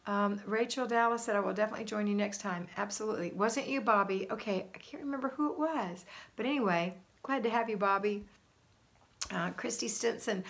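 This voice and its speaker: A woman's voice: mid-range voice, fairly quick, fairly bright tone. A middle-aged woman hosting a homemaking livestream, chatting upbeat and greeting viewers by name as she reads their comments aloud. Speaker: homemaking channel host. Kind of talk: casual livestream chat reading viewer comments.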